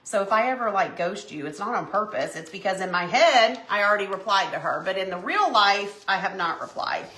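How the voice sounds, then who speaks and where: Bright, chatty woman host. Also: medium pitch, animated, a little fast, hardly any pauses. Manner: chatty, laughs often, says y'all. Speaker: craft show host. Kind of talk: casual live craft chat. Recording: echoey room.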